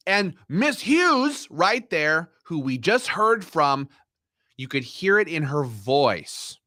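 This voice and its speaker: A man's voice: a little high, big pitch swings, slow, sharp tone, no room sound, studio quality. A man giving live reaction commentary, heated and indignant as he rants. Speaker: livestream commentator.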